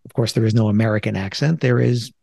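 A middle-aged man from the New York area hosts a solo podcast, talking things through reflectively and conversationally, with self-deprecating asides. He speaks fast in a lowish, warm voice with vocal fry, recorded in studio quality with no echo.

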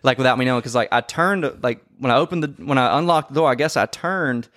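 A man telling a story in casual podcast chat, swearing often and acting out quoted lines loudly. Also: medium pitch, quick pace, no echo, clean studio sound. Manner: profane, animated, acts out quotes loudly. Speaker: podcast co-host.

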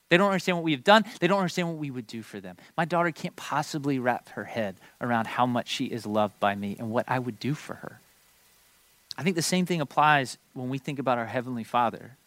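A man's voice: mid-range voice, expressive, brisk, fairly bright tone, no room sound. A man in his thirties preaching a sermon, telling a family story with playful asides to the congregation. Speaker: pastor.

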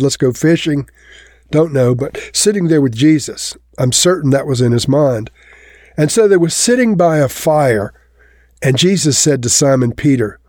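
A man's voice: a little mellow, no room sound. Guy preaching a bible sermon, chatty, voice jumps up on quotes, dry close sound. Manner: conversational, lifts pitch for quoted lines.

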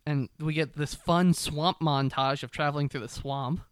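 Brief: young male co-host, lively storyteller, swears a lot, clear voice on the higher side. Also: moderate pace, dry recording, studio quality. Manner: animated storytelling, swears freely, acts out characters. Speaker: podcast co-host. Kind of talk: casual recap chat.

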